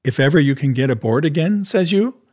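A man reading an audiobook, voicing a half-crazed old castaway who talks in eager, rambling, rustic sailor's speech, a bit higher and louder than his own voice. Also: animated, a little fast. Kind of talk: audiobook character voice.

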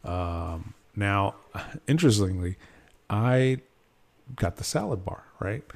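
Casting: male podcast host, low gravelly voice, chatty storyteller who acts out every quote. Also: takes it slowly. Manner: animated storyteller, acts out quotes, many fillers. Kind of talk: casual chat.

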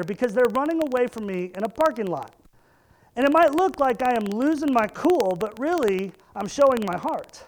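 A man's voice: very high-pitched, animated, moderate pace, poor audio. A man in his thirties preaching a sermon, emphatic and repeating phrases for stress. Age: 30s. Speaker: pastor.

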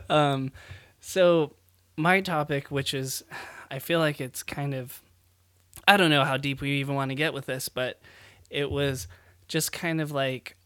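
A man's voice: medium pitch, fairly bright tone, dry recording. A young man and new father, co-hosting a podcast in casual chat, rambling with lots of fillers and laughs as he tells stories. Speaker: podcast co-host.

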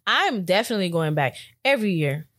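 A young woman co-hosting a podcast in casual chat, telling animated stories and acting out quotes. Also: on the low side, fast talker, dry recording, clean studio sound. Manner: animated storyteller, acts out quotes. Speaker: podcast co-host.

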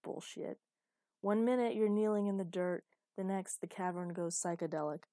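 A woman's voice: fairly low pitch, normal speed, dark tone, no echo, clean studio sound, close to an everyday voice. Woman reading as a wry, teasing tired man. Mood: insistent. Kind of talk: audiobook character voice.

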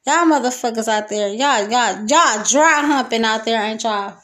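A woman's voice: a little high, moderate pace, a bit bright. A young woman hosting a solo podcast, venting in a loose, profane, laughing rant from her kitchen. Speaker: podcast host. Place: home kitchen.

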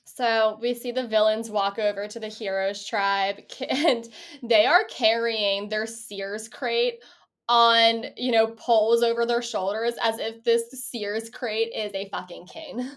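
A woman's voice: on the high side, steady tone, slow, fairly bright tone. A woman co-hosting a podcast, chatting casually and animatedly, often laughing and swearing offhand. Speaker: podcast co-host. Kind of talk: casual chat recapping a reality show.

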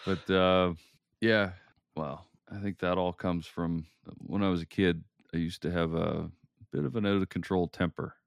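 A man with a very low voice, gravelly yet smooth, chats casually as a podcast co-host. He hedges and trails off, with a dry, close sound. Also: moderate pace, no echo. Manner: hesitant, trailing off, laughs often. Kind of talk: casual chat.

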